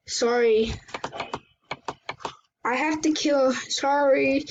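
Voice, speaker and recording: A woman hosting her gaming channel, chatting excitably through live gameplay commentary, often exclaiming and apologizing. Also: high voice, drawn-out words, long pauses. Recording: dull lo-fi recording with faint hiss.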